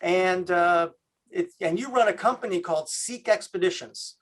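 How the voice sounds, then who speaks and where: A man from Canada hosting a video call, talking in a halting way with many fillers. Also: high voice. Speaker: host.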